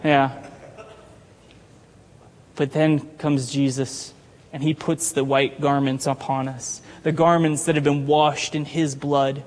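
A man's voice: mid-range voice, level tone, takes it slowly, pauses often, darkish tone, long reverb tail. A man preaching a sermon as pastor, talking conversationally and putting questions to the congregation.

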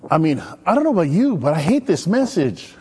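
Male pastor, high voice with big swings, chatty storytelling sermon. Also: fairly quick, husky. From Maui, Hawaii. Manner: energetic, chatty, storytelling with call-and-response. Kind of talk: animated sermon.

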